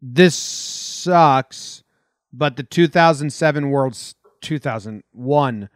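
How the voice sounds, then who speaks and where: A man's voice: mid-range voice, takes it slowly, clean tone, no room sound, studio quality. A man co-hosting a podcast, chatting about sports in an easygoing, laid-back way. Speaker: podcast co-host. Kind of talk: casual sports chat.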